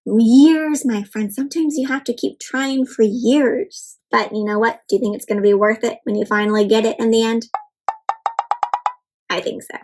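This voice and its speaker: A woman reading a picture book aloud to children, pausing often to encourage them and ask them questions. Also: fairly high pitch, fairly even intonation, a little mellow. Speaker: children's storybook reader. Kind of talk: interactive read-aloud for kids.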